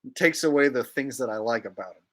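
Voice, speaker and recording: A man's voice: mid-range voice, fast, fairly bright tone. A young man hosting a casual commentary vlog, talking sarcastically and rambling, filling his sentences with "like". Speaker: vlogger and channel host.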